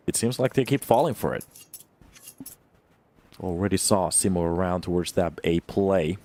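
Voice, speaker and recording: A young man giving live play-by-play commentary on an esports match, swinging from calm analysis to loud bursts of excitement. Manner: calm analysis that jumps to loud, high-pitched excitement on big plays. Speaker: esports caster.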